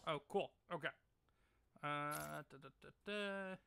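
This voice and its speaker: A man's voice: a little high, slow pace, creaky, background noise. A man hosting a live game stream from home, reading chat messages aloud and teasing his wife. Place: home, at the gaming setup. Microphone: desk mic left live.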